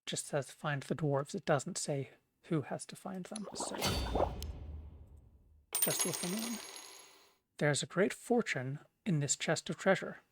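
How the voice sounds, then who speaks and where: A streamer chatting quietly and casually at night into a desk microphone. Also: mid-range voice, animated, slow pace, pauses often, background noise. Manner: quiet, subdued. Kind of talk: casual live-stream chat. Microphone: desk mic.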